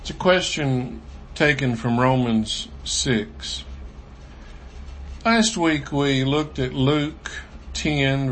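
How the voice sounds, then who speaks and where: A man gives a Sunday sermon at a deliberate, slow pace. His voice sits in an ordinary middle pitch, and he reads scripture passages in an even, measured way. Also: slight background noise. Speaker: preacher.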